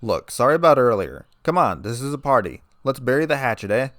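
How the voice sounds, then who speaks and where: A man's voice: mid-range voice, big pitch swings, a little fast, fairly bright tone, dry recording. A man voicing a laid-back young human man who talks in a dry, sarcastic way.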